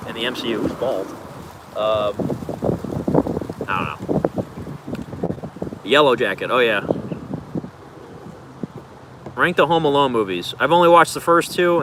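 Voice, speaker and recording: A man's voice: medium pitch, background noise. A man casually answering viewer questions on a livestream, rambling in a laid-back way with plenty of filler words.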